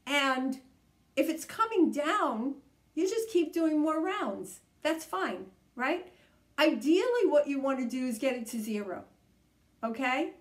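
A woman leading a guided tapping session, coaching calmly and repeating each step. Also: high voice, slow pace. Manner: calm, repetitive, coaching tone. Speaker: EFT tapping practitioner. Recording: echoey room.

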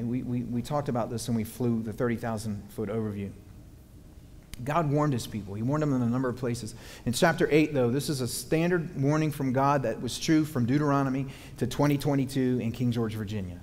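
Folksy pastor in an echoing hall. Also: male voice, mid-range voice, fast talker. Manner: folksy, animated, digressive storytelling. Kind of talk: sermon. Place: church hall. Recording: long hall reverb, faint background noise.

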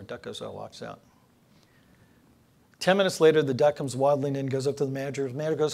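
This political cartoonist talks fast, his medium-pitched, darkish voice carrying vocal fry, as he addresses an audience in a lecture hall. His public talk is built from dry, story-driven jokes that climb to their punchlines.

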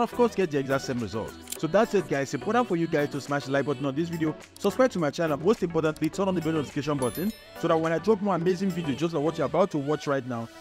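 A man hosting a screen-recorded software tutorial. He keeps checking in with the viewer with a quick "right?". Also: on the high side. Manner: chatty, repeats "right?" to the viewer. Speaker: tech tutorial host.

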